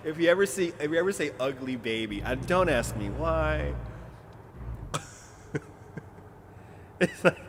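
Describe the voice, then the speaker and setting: A man's voice: fairly high pitch, big pitch swings, slow, long pauses. A man live streaming a game, chatting casually with viewers, giggling often and rambling through restarts. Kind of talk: casual gameplay chat. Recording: noisy background.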